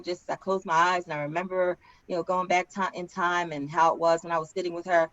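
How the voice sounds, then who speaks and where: A woman singer and co-host on a video call, telling a story earnestly, with halting starts. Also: on the low side, steady tone, a bit bright, muffled recording. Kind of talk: casual panel chat.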